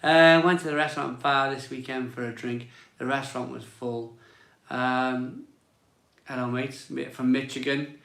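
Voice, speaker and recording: A man's voice: mid-range voice, steady tone, a little slow, gravelly, fairly bright tone, echoey room. A man hosting a casual beer live stream, chatting and greeting viewers as he reads their comments aloud.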